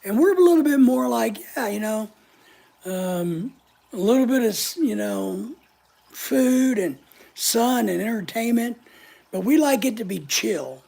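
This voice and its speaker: A woman's voice: fairly high pitch, animated, measured pace, gravelly, warm tone. An older woman hosting a casual live chat, talking in a blunt, opinionated, chatty way. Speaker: channel host answering live chat.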